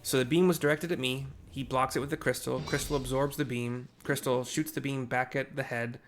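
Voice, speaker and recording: Man, casual game narration, chatty, self-correcting, middle-pitched voice, faint game music behind. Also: steady tone, fairly quick. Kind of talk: casual live audio description of game cutscenes.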